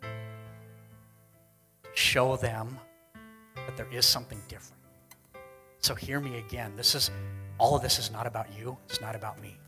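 A man preaching a sermon to a congregation, earnest, pushing some lines out loudly and dropping others to a hush. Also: medium pitch, steady tone, normal speed, pauses often, soft background music, poor audio. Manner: earnest, swings between loud emphasis and hushed lines. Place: church hall with congregation.

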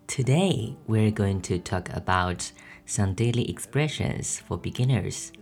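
Brief: low-voiced male podcast tutor, very slow and deliberate, faint music underneath. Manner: slow, careful, repeats each phrase twice for practice. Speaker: podcast host teaching language. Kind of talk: beginner language lesson podcast. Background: soft background music.

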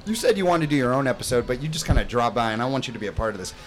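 A young man with a medium-pitched, animated voice talks very fast over background music. He's a podcast host and camp counselor chatting casually with a room full of kids at a summer camp, playfully teasing them and hyping them up.

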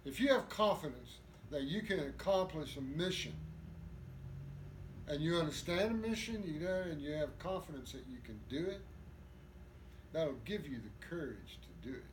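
An older man with a high-pitched voice tells rough, profane stories in an animated way. He sounds roomy and echoey, with faint ambient noise underneath him. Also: moderate pace. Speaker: guest. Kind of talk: storytelling interview.

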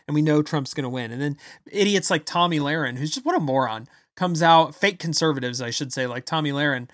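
A man giving an angry, blunt political rant, loud and insulting as he talks. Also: a little high, fairly quick, no echo, studio quality. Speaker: political commentator. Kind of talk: ranting political commentary.

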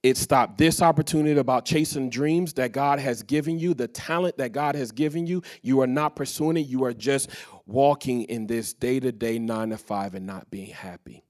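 A man's voice: mid-range voice, moderate pace. Guy preaching on a church stage, tells stories and acts out the back-and-forth. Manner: storytelling with quoted dialogue, varied loudness. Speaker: pastor. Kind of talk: sermon. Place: church stage before a live congregation.

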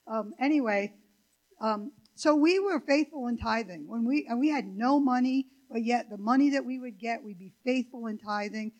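A woman's voice: fairly high pitch, normal speed, darkish tone, muffled recording. An older woman preaching a sermon in a church, chatty and digressive, with many fillers and asides. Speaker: guest preacher. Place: church sanctuary.

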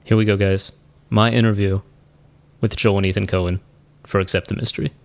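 A man's voice: fairly low pitch, little pitch movement, fairly quick. A man hosting a podcast, talking casually and poking fun at himself, often trailing off and restarting. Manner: chatty, self-deprecating, trails off and restarts. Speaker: podcast host. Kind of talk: casual podcast chat and solo wrap-up.

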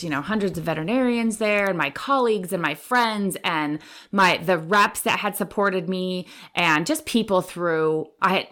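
Casting: middle-aged woman, lowish voice, animated storyteller who acts out quotes, interview guest. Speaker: guest, veterinary practice manager.

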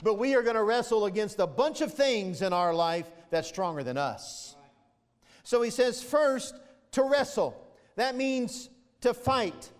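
A man's voice: sits high, lively intonation, measured pace, long reverb tail. A male pastor preaching an impassioned, emphatic sermon, growing emotional as he goes. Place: church sanctuary.

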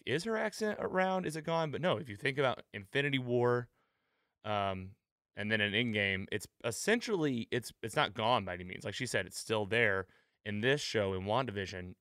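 A man's voice: fairly low pitch, sharp tone, smooth, no room sound, clean studio sound. A man hosting a podcast, talking casually and rambling a bit, with frequent fillers and restarts. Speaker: podcast host.

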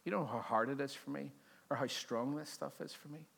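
A man's voice: medium pitch, a little fast, creaky, fairly bright tone, breathy edge. Man, pastor, sermon, chatty and joking, asks the congregation questions. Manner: conversational, joking, quizzing the congregation. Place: church service before a congregation.

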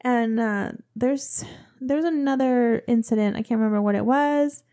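A young woman co-hosting a podcast, chatting quickly with lots of "like" before moving into true crime narration. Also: fairly high pitch, warm tone. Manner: quick, chatty, says "like" a lot. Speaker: podcast co-host.

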